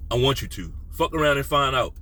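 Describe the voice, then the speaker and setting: A man hosting a sports talk video, ranting bluntly and profanely, sometimes dropping to a low menacing voice. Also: expressive, a little fast, pushed and bright, low-quality recording. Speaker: sports commentary host. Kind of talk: casual opinion rant.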